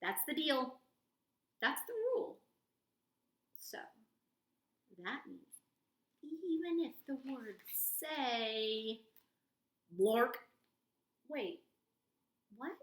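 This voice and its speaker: Woman reader for kids' story time, bright, unhurried, goofy and expressive delivery. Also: high voice, roomy sound. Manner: playful, silly, exaggerated reading voice. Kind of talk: reading a picture book aloud to kids.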